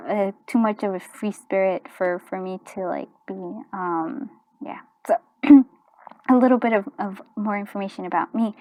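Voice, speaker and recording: Hoarse woman rambling through a tarot reading. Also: medium pitch, no room sound. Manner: rambling with restarts, frequent throat clearing, soft half-whispered asides. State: hoarse, voice going. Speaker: tarot reader. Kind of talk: casual pick-a-card reading.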